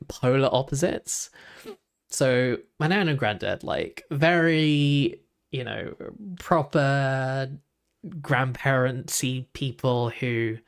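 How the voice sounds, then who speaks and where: A young man, chatting casually while reacting to videos, rambling with lots of "like" and restarts. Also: mid-range voice.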